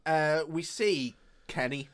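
A man's voice: on the high side, slow. A man co-hosting a podcast, retelling a film's plot in casual chat and acting out the characters' lines. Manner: laughing, retelling the plot with acted quotes. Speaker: podcast co-host. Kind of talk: casual film recap chat.

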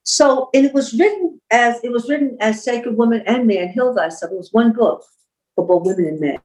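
A woman's voice: on the high side, moderate pace, darkish tone, low-quality recording. A woman guest on a podcast, a holistic healer and author, telling her story in a heartfelt, emphatic way and repeating phrases for weight. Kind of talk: personal storytelling in a podcast interview.

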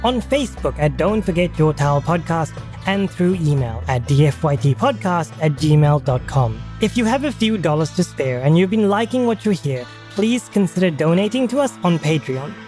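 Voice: medium pitch, lively intonation, moderate pace, darkish tone, faint music behind. A podcast game master narrating a tabletop adventure in a casual, descriptive way.

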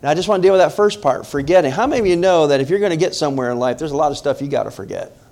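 A man's voice: a little high, very fast, a little mellow. A middle-aged male pastor from the northern United States, preaching a conversational sermon and often asking the congregation questions. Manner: emphatic, talks directly to the congregation with questions.

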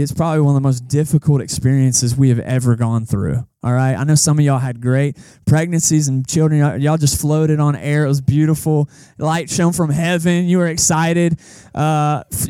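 Young guy pastor preaching casual, kinda high voice, dry close sound, talks right at the crowd. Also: mellow, dry recording. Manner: casual, joking, talks straight to the congregation. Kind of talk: conversational sermon. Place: church service held in a cinema.

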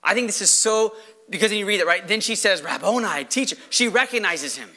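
Male pastor preaching; very high, bright, lively voice; rhetorical and animated. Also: fast. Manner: animated, rhetorical questions, acts out quoted voices. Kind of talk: sermon.

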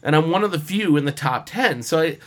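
A man on a casual podcast chat, telling animated stories full of fillers and laughs. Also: a little high, a little fast. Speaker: podcast co-host, costumer.

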